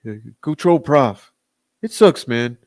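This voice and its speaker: A man putting on the voice of a stoned, gossipy guy who rambles in a goofy, drawn-out way. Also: medium pitch, lively intonation, a little mellow, no echo. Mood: whiny.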